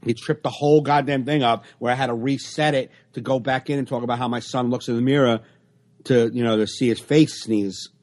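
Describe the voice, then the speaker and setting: Animated storytelling comedian man. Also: medium pitch, a little fast. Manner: animated storyteller acting out exchanges. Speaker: stand-up comedian, podcast co-host. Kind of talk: casual podcast chat over video call. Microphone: video call.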